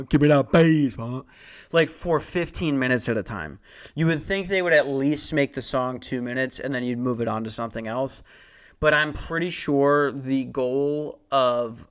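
A man's voice: mid-range voice, a bit bright, clear, resonant tone. A young man hosting a comedy podcast, ranting and rambling with lots of profanity and restarts. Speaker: podcast host.

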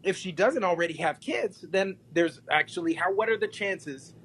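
A man in a casual podcast chat, an animated storyteller who repeats phrases and laughs often. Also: sits high, normal speed, slight background noise, low-quality recording. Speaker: podcast guest.

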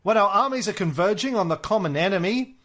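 A man's voice: high voice, lively intonation, quick pace, a bit bright. A man putting on a formal 1920s American aristocrat's Mid-Atlantic accent, reading out a statesman's earnest letter. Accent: old-fashioned Mid-Atlantic aristocratic.

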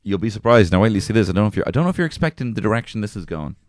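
A man's voice: on the low side, sing-song, rapid-fire, a little mellow, no echo, clean studio sound. A man co-hosting a podcast in casual, joking chat, laid-back and a little hesitant. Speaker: podcast co-host.

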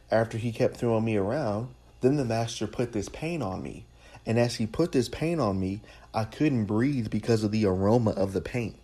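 Conversational male preacher, low voice. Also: a little mellow. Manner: conversational, repeats phrases for emphasis. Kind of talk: sermon.

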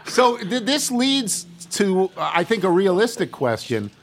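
A radio host with a fairly high voice for a man. He sounds conversational and keeps the talk moving. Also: sing-song, a little slow. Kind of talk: casual radio chat.

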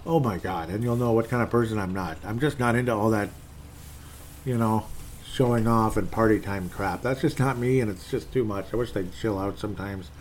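A man's voice: on the low side, moderate pace, a little hiss or hum. A man ranting in a casual, rambling way about his team's game, reading posts aloud and sounding fed up. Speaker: sports fan commentator. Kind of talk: casual solo sports rant.

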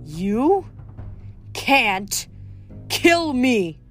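A brutish, boastful giant, as a woman puts him on while reading aloud, drawls his threats slowly with a growl. Faint music sits far behind the voice. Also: mid-range voice, expressive, lightly acted. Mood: enraged. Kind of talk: audiobook character voice.

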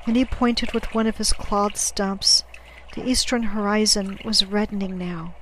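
A woman narrates an audiobook in the first person, her voice sitting in a plain middle register. Her delivery is measured and dramatic, and it sinks to a near-whisper when the tension builds, over faint background noise. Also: mid-range voice, steady tone, low-quality recording. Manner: measured, dramatic, dropping to a hush at tense moments.

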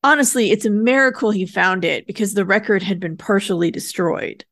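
A woman's voice: mid-range voice, brisk, a bit bright. Chatty woman podcast co-host. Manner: chatty, conversational. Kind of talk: casual recap chat.

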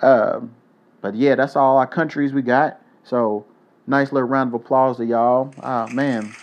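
Young male podcast host, loose and profane delivery, medium pitch, muffled home recording. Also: steady tone, a little slow. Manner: loose, joking, profane shout-outs. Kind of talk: casual solo podcast.

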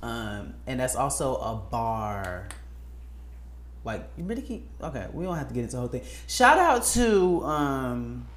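A man's voice: mid-range voice, moderate pace. A man co-hosting a podcast in casual chat, rambling with plenty of fillers and side-tracks. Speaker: podcast co-host. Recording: roomy echo.

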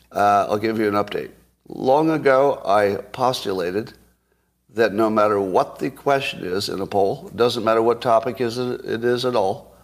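A man in his sixties hosting a live stream, talking in a sarcastic, mocking way. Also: on the low side. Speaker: podcast host.

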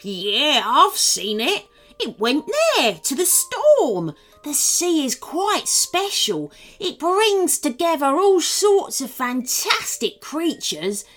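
A woman's voice: big pitch swings, takes it slowly, a bit bright, faint music behind, exaggerated voice. Woman doing a boisterous male pirate. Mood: gruff. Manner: booming, laughing. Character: bearded eye-patched male pirate, boisterous.

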